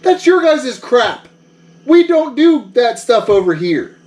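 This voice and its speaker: A man's voice: extremely high pitch, sing-song, takes it slowly, darkish tone, recorded from a distance. A man who runs a vlog, bragging and bossing people around in a jokey one-sided phone call. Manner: boastful, mock-bossy, joking. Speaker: vlogger.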